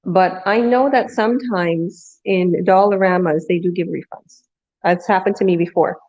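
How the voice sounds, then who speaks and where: A woman's voice: lowish voice, moderate pace, a little mellow, muffled recording. A woman vlogger casually telling a long story, rambling with restarts and quoting people along the way. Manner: rambling anecdote with restarts and acted-out quotes.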